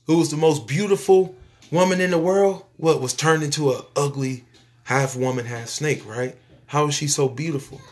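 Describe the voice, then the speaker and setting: A man delivering a spiritual preaching monologue to his viewers, emphatic and repetitive, stretching out phrases and suddenly dropping to a soft near-whisper. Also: fairly high pitch. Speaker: YouTube speaker.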